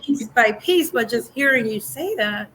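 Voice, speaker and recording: Slow-spoken woman host. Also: on the high side, lively intonation, slight background noise, low-quality recording. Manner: warm, affirming, slow and searching for words. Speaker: talk show host. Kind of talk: casual interview.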